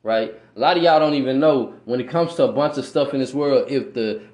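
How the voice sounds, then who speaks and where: This podcast preacher offers informal religious teaching in slangy street talk, often asking "right?" and stumbling as he reads aloud. His voice is medium-pitched and a little mellow, moving slightly fast, and the room echoes.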